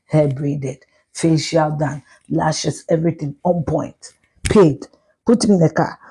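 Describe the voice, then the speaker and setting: A middle-aged Ghanaian woman with a Ghanaian accent, ranting loudly and profanely in a live video, slipping into Twi. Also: deep voice, steady tone, takes it slowly, gravelly, husky. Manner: loud, profane, mixes in Twi. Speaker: social media personality.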